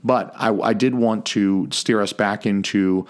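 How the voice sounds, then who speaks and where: A man's voice: on the low side, steady tone, unhurried. A man co-hosting a casual podcast chat, joking and swearing as he tells stories. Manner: chatty, profane, jokey storyteller. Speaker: podcast co-host.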